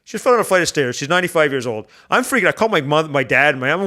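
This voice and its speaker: A man's voice: fairly high pitch, rapid-fire. A man guest on a podcast, telling stories in casual chat and jumping into funny voices. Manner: animated storyteller, jumps into funny voices.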